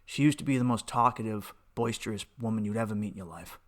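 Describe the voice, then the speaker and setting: A young man hosts a podcast, delivering a candid personal monologue that is profane and impassioned, full of restarts and rising outbursts. His voice sits on the low side, and he talks quickly with hardly any pauses.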